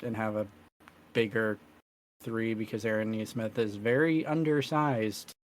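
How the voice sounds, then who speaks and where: A man's voice: fairly low pitch, steady tone, measured pace, slight background noise. Man losing his voice on a podcast. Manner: talkative, clears his throat. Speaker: podcast co-host. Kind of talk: casual sports chat.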